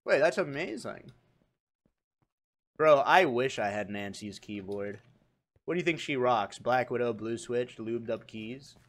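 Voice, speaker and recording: A man's voice: medium pitch, lively intonation, a little slow, long pauses. A young man streaming and chatting casually, rambling and swearing. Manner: rambling, swearing, laughing at own jokes.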